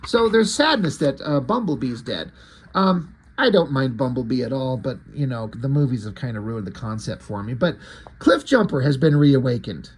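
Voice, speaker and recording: A man's voice: mid-range voice, expressive, normal speed, slightly rough. A man casually recapping and reviewing a comic book, chatty with fillers and some swearing.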